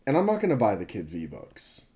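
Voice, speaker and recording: His pitch swoops wildly around a fairly low base, and his tone is dark. This gaming video creator, in his twenties and running on no sleep after an all-nighter, chats over his gameplay at a normal speed, rambling a bit, often correcting himself and swearing freely.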